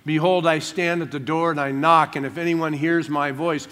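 A man's voice: a little high, steady tone, normal speed, fairly bright tone. A man preaching a sermon in church, talking in a humorous, conversational way with everyday stories. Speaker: pastor.

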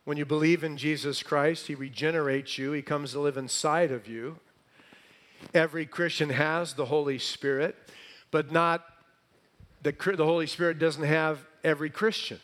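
In this sermon, a man questions the listeners in the pews, moving between booming emphasis and soft, hushed lines. He speaks on the high side and a little slowly.

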